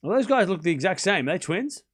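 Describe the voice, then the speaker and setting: A man's voice: high voice, big pitch swings, fast talker, breathy edge. A man hosting a live tennis watchalong stream. He calls each shot in short bursts, chats loosely with his viewers between points and swears offhand. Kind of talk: casual live play-by-play commentary with chat asides.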